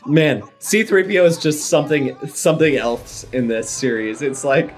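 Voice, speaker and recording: A man's voice: a little high, animated, moderate pace, soft background music. A young adult man co-hosting a reaction video, chatting casually and rambling with enthusiastic fan commentary. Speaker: co-host reacting to a cartoon. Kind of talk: casual chat.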